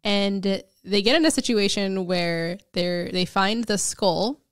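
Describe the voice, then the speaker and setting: A woman's voice: mid-range voice, slow pace, smooth, no room sound, clean studio sound. A woman co-hosting a casual book podcast, retelling the plot in a chatty way. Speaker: podcast co-host.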